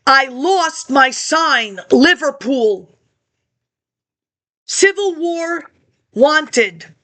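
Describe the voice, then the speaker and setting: A woman's voice: high-pitched, expressive, very slow, sharp tone. A woman talking in a rambling monologue into a laptop webcam, jumping between topics and reading old documents aloud.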